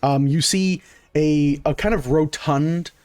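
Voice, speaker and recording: A man with a slightly high voice narrating as game master. He rambles through his descriptions with plenty of fillers. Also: slow pace, a little mellow.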